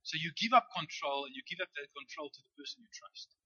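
Bright husky male preacher. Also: a little high, lively intonation, fast talker, dry recording. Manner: conversational, storytelling, asks "right?". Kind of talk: sermon. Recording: dull, dry lo-fi recording.

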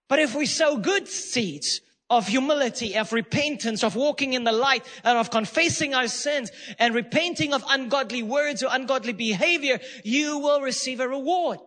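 A man's voice: very high voice, fairly bright tone, big-room sound. A man preaching a sermon as pastor, emphatic and repeating phrases for stress.

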